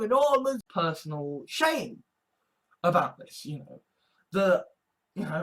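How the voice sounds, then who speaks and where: A man's voice: high voice, lively intonation, a little slow, a bit bright. A man delivering a sarcastic, mocking ranting monologue, often stammering and repeating words. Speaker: online preacher.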